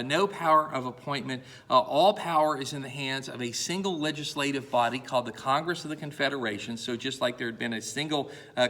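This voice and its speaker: A man's voice: mid-range voice, pushed and bright. A middle-aged man giving a college history lecture in a conversational way, with many "uh"s and restarts, repeating points for emphasis. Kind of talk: classroom lecture.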